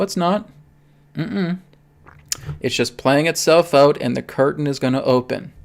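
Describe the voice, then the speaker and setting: A man with a medium-pitched, creaky, slightly mellow voice hosts a live spiritual stream as a spiritual reader. He speaks emphatically and often caps his points with "okay?"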